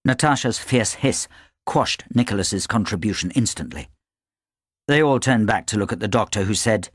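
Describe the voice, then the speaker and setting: Expressive male audiobook narrator. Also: fairly low pitch, normal speed, husky, no room sound, clean studio sound. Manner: expressive storytelling. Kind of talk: scripted narration.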